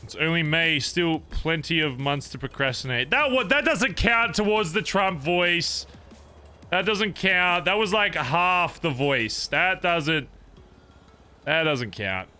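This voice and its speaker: A man's voice: fairly high pitch, lively intonation, slow, sharp tone, clean tone, faint music behind. A man streaming and chatting casually with his viewers, rambling with plenty of swearing and fillers.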